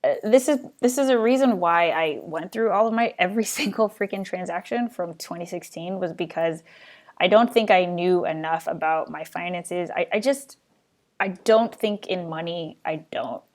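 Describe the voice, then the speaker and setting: Young woman rambling thru viewer questions on her live stream, kinda low voice. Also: normal speed. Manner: rambling, answers viewer questions, restarts often. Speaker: live show host. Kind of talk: casual live-stream chat.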